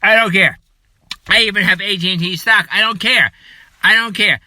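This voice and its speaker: A man rants with fury, his voice pitched high and cutting hard. The sound is close and dry, with no room around it. He repeats his points over and over, like someone who has run out of patience. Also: normal speed, dry recording. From United States. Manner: furious, shouting, repetitive, later apologetic and lower. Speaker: political commentator. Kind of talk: angry political rant.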